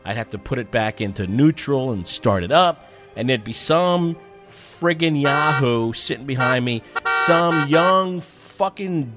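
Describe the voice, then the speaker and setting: A man hosting a radio show, telling a story in a wry, self-mocking monologue, swearing freely and swinging between loud outbursts and quiet mutters. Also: medium pitch, a little slow, over music. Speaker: radio host.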